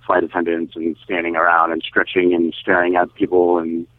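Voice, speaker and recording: A man's voice: sits low, monotone, brisk, no room sound, phone-quality sound. A man co-hosting a casual podcast, talking loosely with lots of likes and ums. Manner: filler-heavy, loose talk with many likes and ums. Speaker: podcast co-host. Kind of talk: casual chat.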